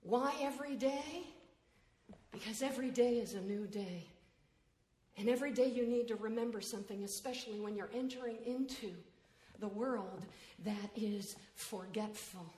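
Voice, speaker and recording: A woman reading a story aloud expressively, with dramatic pauses and hushed suspense. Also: fairly high pitch. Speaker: reader. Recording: echoey hall, faint noise.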